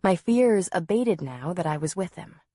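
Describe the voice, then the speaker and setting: A woman narrating a novel in the first person, in a measured, softly expressive way. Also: fairly low pitch, no room sound, studio quality. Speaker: audiobook narrator.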